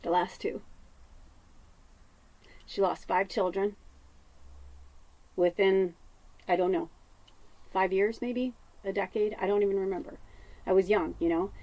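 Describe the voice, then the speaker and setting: A woman from telling a rambling story in casual, profane talk, drifting between lively bursts and hushed asides. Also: mid-range voice, measured pace, long pauses, no room sound, low-quality recording. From Chicago. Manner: rambling, profane, animated, drops to hushed tones. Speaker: spiritual medium and host.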